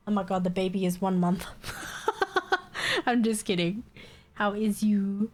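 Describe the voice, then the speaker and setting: A woman's voice: mid-range voice, slow, pauses often. A young woman, chatting casually on a live stream, venting in exasperation, laughing often and swearing.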